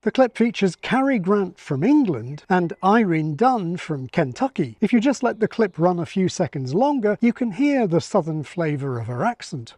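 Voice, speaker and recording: A man giving scripted narration for a video essay, measured and explanatory. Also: sits high, very animated, darkish tone.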